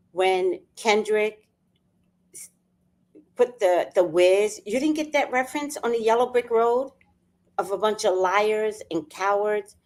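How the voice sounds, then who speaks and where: A woman hosting a casual livestream, chatting with viewers, laughing often and greeting people by name. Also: mid-range voice. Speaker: livestream host.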